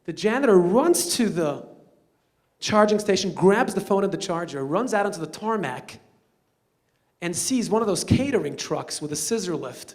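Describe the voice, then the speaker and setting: A man speaking as a rabbi storyteller at a banquet, animated and acting out the characters in his story. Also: sits high, moderate pace, pauses often. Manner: animated, acting out quoted voices. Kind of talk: storytelling speech. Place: banquet hall.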